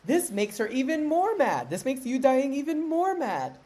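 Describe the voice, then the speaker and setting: A woman's voice: high voice, sing-song, normal speed, warm tone. A young woman co-hosting a podcast, recapping a TV drama in playful, gossipy casual chat. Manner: playful, gossipy, bursts into campy impressions. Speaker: podcast co-host.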